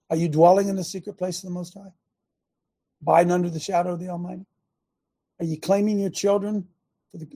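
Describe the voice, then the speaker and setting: A middle-aged man delivers a conversational sermon, moving between stories and direct questions to his listeners. His voice sits high and has a husky edge. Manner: animated, storytelling, asks listeners questions. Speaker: show host preaching. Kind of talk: conversational preaching.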